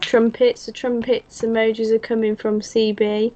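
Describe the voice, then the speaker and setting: A woman's voice: fairly high pitch, level tone, normal speed, dark tone. A woman from England co-hosting a live watch-along in casual chat, giggling and reading out viewer comments. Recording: slightly muffled stream audio.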